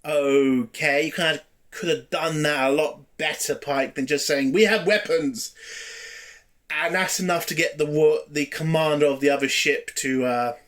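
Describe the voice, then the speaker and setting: A man's voice: a little high, fairly even intonation, moderate pace, fairly bright tone. A man giving a casual spoken review of a TV episode, blunt and exasperated, swearing freely.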